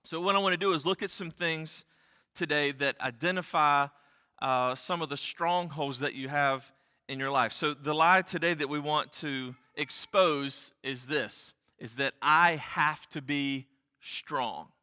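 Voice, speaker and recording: A man's voice: fairly high pitch, measured pace, sharp tone, clean tone. A man preaching a sermon as pastor, speaking earnestly and repeating key phrases for emphasis. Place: church sanctuary. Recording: long church hall reverb.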